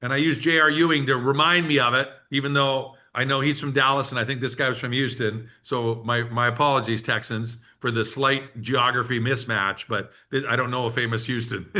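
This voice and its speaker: A man in his sixties giving a business workshop, telling a story in an animated way and acting out the quotes. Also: mid-range voice. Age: 60s. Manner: animated storyteller who acts out quotes and laughs. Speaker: workshop presenter.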